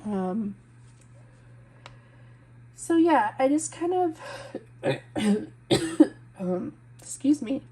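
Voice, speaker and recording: A woman's voice: high voice, sing-song, extremely slow, long pauses, dark tone, breathy edge. A woman in her twenties, a stay-at-home mom, chatting casually and rambling while she colors, full of "like" and "um". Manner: rambling, heavy use of "like" and "um", self-interrupting.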